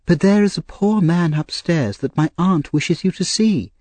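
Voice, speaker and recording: A man doing a sweet, gentle young lady. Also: high-pitched, moderate pace, no echo, voice pushed up. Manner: soft and gentle.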